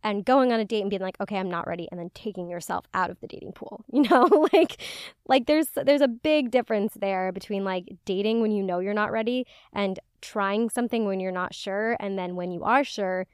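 A woman's voice: medium pitch, expressive, fairly quick, smooth, no room sound, clean studio sound. A woman in her twenties hosting a podcast, chatting casually and upbeat with lots of fillers. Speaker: podcast host. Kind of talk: casual solo podcast chat.

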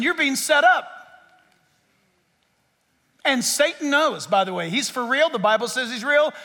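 A man preaching a sermon as a pastor, in an animated, joking way that speaks straight to the crowd. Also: very high voice. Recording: long hall reverb.

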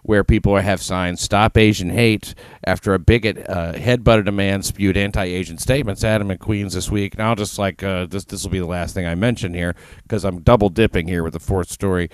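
A man hosting a podcast in casual chat, delivering commentary in a dry, sardonic deadpan. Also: sits low, fairly quick, smooth, no echo. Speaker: podcast host.

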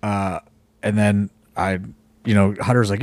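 A man's voice: lowish voice, little pitch movement, measured pace, darkish tone, no room sound. A man co-hosting a casual podcast, telling a rambling story full of fillers and the odd swear word. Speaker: wrestling promoter and podcast co-host.

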